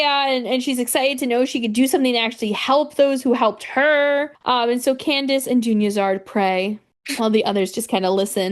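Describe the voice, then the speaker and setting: A woman podcast host in casual chat, animatedly recapping a game's story and acting out the characters' lines. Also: high-pitched.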